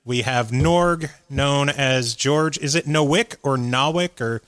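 A man's voice: mid-range voice, takes it slowly, fairly bright tone, clean tone. A man co-hosting a podcast, leading the introductions with casual, profane joking. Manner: swears freely and leads the introductions. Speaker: podcast co-host.

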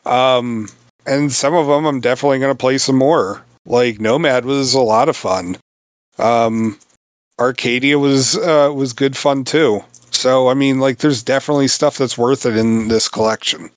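A man at a mid pitch chats casually as a podcast co-host, rambling with an easygoing lilt. The recording is dry and close. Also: normal speed, dry recording. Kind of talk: casual chat.

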